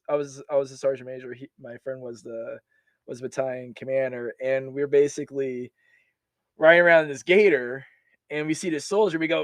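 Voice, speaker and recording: Animated young man telling army stories. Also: a little high, no room sound. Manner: animated, laughs often, many restarts. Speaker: guest, army veteran. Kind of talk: casual storytelling.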